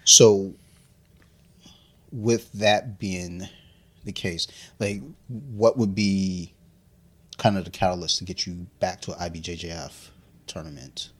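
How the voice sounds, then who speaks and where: A man's voice: deep voice, steady tone, takes it slowly, pauses often, slightly rough. A man in his thirties in casual chat, profane and laughing as he tells stories, a little drunk.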